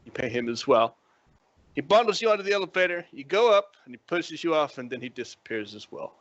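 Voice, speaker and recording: Bright-voiced man running a tabletop game. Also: on the high side, fairly quick, dry recording, highs cut off. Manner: animated, chuckling storytelling. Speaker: dungeon master.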